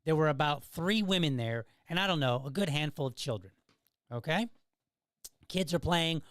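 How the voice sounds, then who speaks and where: A man's voice: fairly high pitch, lively intonation, normal speed, a bit bright, clear, resonant tone, dry recording. A middle-aged man hosting a podcast, telling a story in a casual monologue and often checking in with "okay?" and "right?". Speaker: podcast host.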